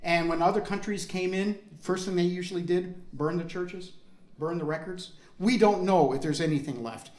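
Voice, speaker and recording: A man's voice: high-pitched, moderate pace, darkish tone, echoey room. A man telling a family-history story to an audience in a conversational way, often asking the listeners questions. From United States.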